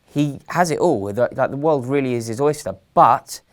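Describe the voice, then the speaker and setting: Host, young man from England, mid-pitched, measured, dryly sarcastic football chat. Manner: earnest, measured, gently sarcastic.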